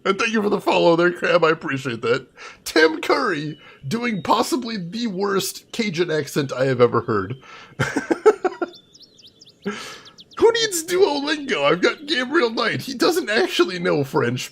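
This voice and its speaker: Casting: playful young male streamer, husky and high, bouncing all over the pitch range. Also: big pitch swings, normal speed, fairly bright tone. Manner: playful, chatty, greets viewers by name. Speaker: livestreamer. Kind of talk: casual game livestream commentary.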